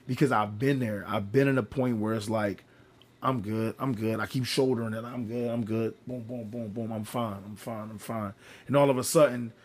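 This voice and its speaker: A man with a hoarse, worn-out voice talking candidly on a casual podcast. He is open and reflective, swears freely and repeats words for emphasis. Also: medium pitch. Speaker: podcast co-host.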